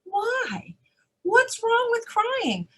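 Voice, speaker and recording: A woman conference speaker answering audience questions, animated and emphatic, with rhetorical questions and frequent restarts. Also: very high-pitched, drawn-out words. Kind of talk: live Q&A answers.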